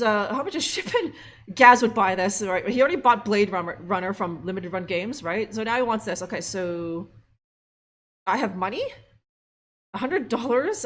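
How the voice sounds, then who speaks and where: A young woman streaming a game live, giving sarcastic, profane commentary full of laughs and fillers. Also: medium pitch.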